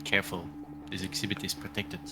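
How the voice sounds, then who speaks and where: A man playing a cautious adventurer quietly warning his companion. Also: low voice, level tone, a little fast, music in the background, close to an everyday voice. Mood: cautioning.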